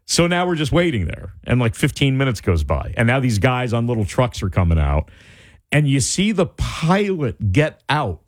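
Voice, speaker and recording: A man telling a personal story in a casual, animated way, full of "like" and restarts. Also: medium pitch, moderate pace, no echo, studio quality. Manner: animated, wide-ranging delivery, lots of "like" and restarts.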